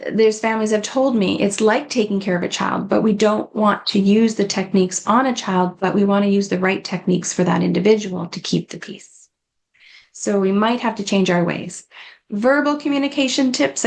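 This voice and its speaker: A woman's voice: a little high, creaky. A woman giving an informal, earnest talk on dementia care, often acting out quoted dialogue.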